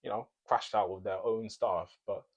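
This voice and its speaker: Young man, low voice, animated rant, casual storytime chat. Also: normal speed, husky. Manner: animated, ranting with laughter. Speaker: co-host.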